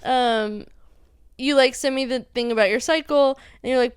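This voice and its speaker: A young woman co-hosting a podcast in casual chat, excitable and gushing as she retells her own reactions. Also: moderate pace, clear, resonant tone, no echo, studio quality. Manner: excitable and gushing, high-pitched bursts when quoting herself. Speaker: podcast co-host.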